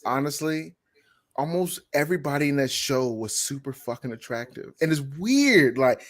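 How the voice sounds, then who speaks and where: A man's voice: a little high, animated, moderate pace, no echo. A man in a casual review chat, playful and teasing, emphatic when he makes a point. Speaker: guest reviewer.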